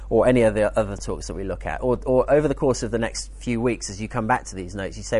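A man teaching at a church weekend, speaking in a conversational, lively way with jokey asides. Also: on the low side, fast talker, hardly any pauses, no room sound. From United Kingdom. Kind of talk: teaching talk.

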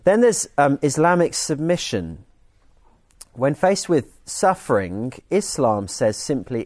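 A man's voice: a little high, very animated, slow pace, a little mellow, no room sound. A man preaching a sermon in an earnest teaching tone, often restarting his sentences. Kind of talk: sermon with group activity.

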